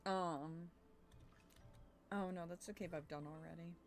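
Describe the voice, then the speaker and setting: A woman's voice: lowish voice, fairly even intonation, measured pace, music in the background. A young woman streamer chatting casually while playing a game, thinking aloud and swearing now and then. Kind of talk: casual gameplay chat.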